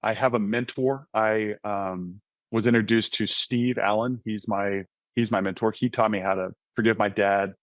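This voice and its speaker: This podcast guest, an author and mentoring ministry founder in his thirties, speaks at normal speed with a fairly low pitch and fairly even intonation. Recorded dry, he tells his personal faith testimony earnestly and conversationally, often checking in with "right?".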